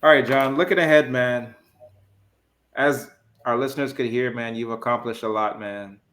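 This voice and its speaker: A man's voice: medium pitch, steady tone, moderate pace, fairly bright tone. A man hosting an interview podcast, reacting briefly and enthusiastically to his guest. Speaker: podcast host.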